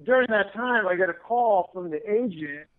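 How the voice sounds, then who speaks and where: Animated, cursing male comic guest, higher voice, tinny dry phone-quality audio. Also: moderate pace, dry recording. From San Francisco area. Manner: animated, profane storytelling with acted-out quotes. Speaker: comedian guest. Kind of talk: storytelling in casual interview.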